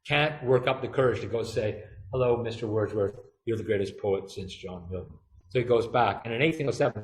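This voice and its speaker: A man's voice: medium pitch, echoey room. A man giving a public lecture in a chatty way, full of fillers and playful quoted asides.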